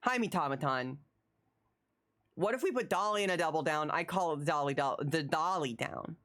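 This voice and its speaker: A live streamer from the United States chatting with viewers from a home setup. They ramble, stammer and repeat phrases, and get animated and laugh when teasing chat. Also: medium pitch, moderate pace.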